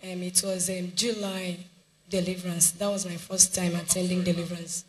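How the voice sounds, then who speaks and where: A woman's voice: lowish voice, flat delivery, normal speed, roomy sound, a little hiss or hum, rough recording. A woman with a Nigerian accent giving an earnest church testimony, telling events plainly. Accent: Nigerian English.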